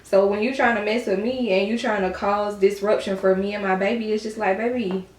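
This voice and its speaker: A woman's voice: medium pitch, steady tone, brisk. Woman, vlogger, casual makeup chat, blunt, laughs often, echoey room.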